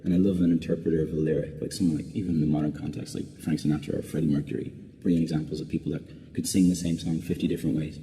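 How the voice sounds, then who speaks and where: A man's voice: very deep voice, flat delivery, rapid-fire, hardly any pauses, warm tone. A man, a singer being interviewed, answering casually and rambling with lots of restarts and "like" fillers. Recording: long reverb.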